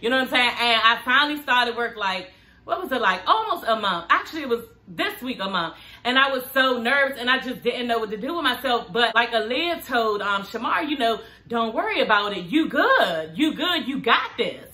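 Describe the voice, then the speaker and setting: A woman in her thirties talks straight to camera in a relaxed vlog, frank and chatty with plenty of swearing. Her voice sits a little high and sounds very bright. The room around her has a noticeable echo. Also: fairly quick. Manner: chatty, frank and profane, calls viewers honey and girl. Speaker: TV show reviewer. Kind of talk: casual vlog chat.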